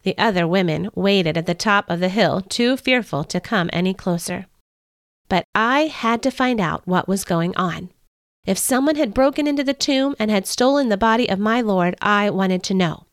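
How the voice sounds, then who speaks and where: A woman hosting a podcast, telling a Bible story in the first person in an earnest, expressive way. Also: medium pitch, normal speed, dry recording, studio quality.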